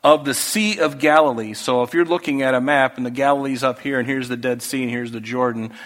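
A man preaching a sermon, talking through the text in a conversational way that moves from hushed to emphatic. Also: mid-range voice, fairly even intonation, fairly quick. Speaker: pastor. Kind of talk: expository sermon. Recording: echoey hall with long reverb.

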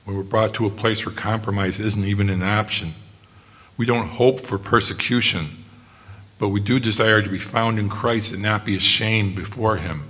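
An earnest male preacher delivers a sermon in a low voice. His delivery is measured, and he slows down deliberately for quotations. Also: a bit bright.

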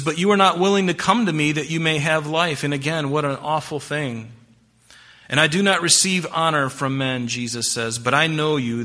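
A man preaching a sermon, quoting scripture and swinging between emphatic rises and hushed drops. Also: mid-range voice. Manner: expository preaching with scripture quotes. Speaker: pastor.

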